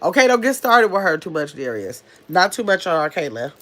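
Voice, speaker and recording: A woman hosting a casual live stream, chatting quickly and reading viewer comments aloud as she answers them. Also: lowish voice, very animated, a bit bright. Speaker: livestream host.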